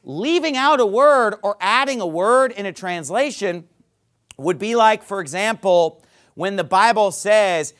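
A man's voice: sits high, unhurried, a bit bright. A man preaching a sermon. He teaches in an emphatic, conversational way, often checking in with "okay?" and "right?".

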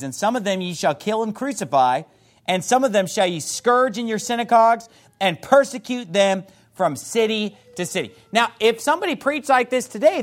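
A man preaching a sermon as a pastor, fiery and emphatic, reading scripture aloud in old-fashioned wording. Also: very high voice.

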